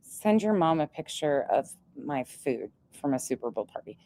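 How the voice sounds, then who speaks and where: A woman's voice: low-pitched, very animated, moderate pace, mellow. A woman giving casual commentary on online drama, sarcastic and profane as she rants.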